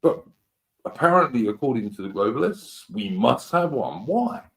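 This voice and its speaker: A man's voice: medium pitch, sing-song, normal speed, creaky. A man hosting a casual political talk show, rambling and emphatic, with rhetorical questions. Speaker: host.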